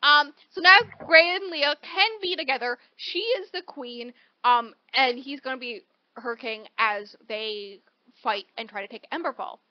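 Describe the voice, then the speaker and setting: A woman with a high voice retells a novel's plot on a podcast in fast, animated chatter, tossing in "like" and "right?" and the odd casual curse. The sound is dry with no room echo and a little muffled, as from a modest home setup. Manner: animated storytelling, peppered with "like" and "right?"; swears casually. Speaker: podcast co-host. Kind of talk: casual book recap chat.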